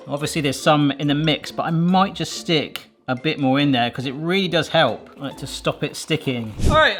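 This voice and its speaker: A man's voice: fairly high pitch, sharp tone. A man chatting casually through a cooking vlog, jokey and self-mocking as he tests a toy. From England. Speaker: food YouTuber testing a vintage toy.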